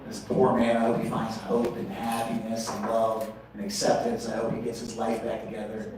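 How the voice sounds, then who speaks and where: A man quoting a soft-spoken sympathetic woman. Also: fairly low pitch, completely flat delivery, normal speed, crowd noise, pitched below the performer's own voice, close to an everyday voice. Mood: pitying. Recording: echoey room, distant mic.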